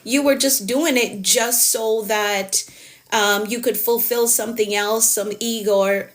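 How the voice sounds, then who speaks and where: A woman productivity coach giving a live coaching talk, emphatic and animated, stressing her points with sudden lifts. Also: fairly high pitch, unhurried.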